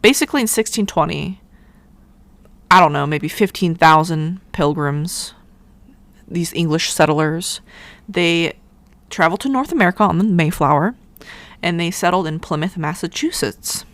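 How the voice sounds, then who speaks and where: Irreverent rambling woman podcaster, low voice. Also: moderate pace, pauses often, no echo. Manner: irreverent, rambling, swears freely. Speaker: podcast host. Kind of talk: casual solo podcast monologue.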